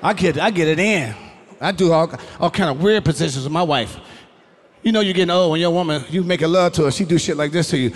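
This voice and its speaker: A middle-aged male stand-up comedian on stage, loud and profane, breaking into shouted bits. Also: on the high side, fast talker, long reverb tail, a little hiss or hum. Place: comedy stage before a live audience.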